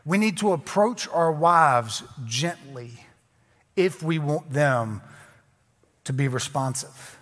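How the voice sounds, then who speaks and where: Guy pastor giving a sermon, chatty and self-mocking, bit of a high voice. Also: animated, slow, fairly bright tone. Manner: conversational, joking, self-deprecating. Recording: long hall reverb.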